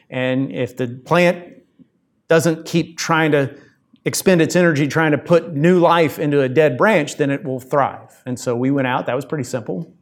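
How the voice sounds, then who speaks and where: A middle-aged pastor with a drawl preaches to his congregation. His voice sits a little high for a man. He talks in a chatty way and pokes fun at himself. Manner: conversational and self-deprecating, speaking straight to the congregation. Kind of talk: sermon.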